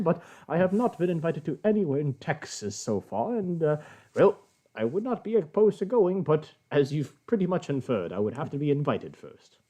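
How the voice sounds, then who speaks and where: A man's voice: a little high, warm tone. A man who is a guest on a casual livestream, talking in a wry, joking manner and laughing easily.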